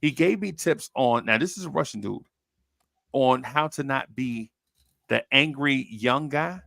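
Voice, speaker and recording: Gravelly-voiced man telling a story. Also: mid-range voice, unhurried, no echo, studio quality. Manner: animated, slangy storyteller who acts out quoted voices. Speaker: podcast host. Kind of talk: casual storytelling chat.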